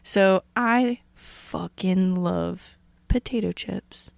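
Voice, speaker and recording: A woman co-hosting a podcast in casual chat, blunt and animated, swearing a lot. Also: medium pitch, extremely slow, vocal fry, no echo. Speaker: podcast co-host.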